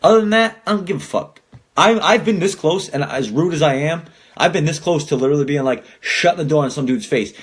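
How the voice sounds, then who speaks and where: Man, young adult, podcast host, casual rant, heavy swearing, slightly high voice. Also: brisk, husky. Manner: profane, worked-up ranting.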